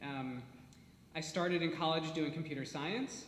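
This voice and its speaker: A man, a rabbi, introducing himself on a panel in a relaxed, self-deprecating way. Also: a little high, unhurried, a little hiss or hum. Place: church hall. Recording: echoey hall, faint room ambience.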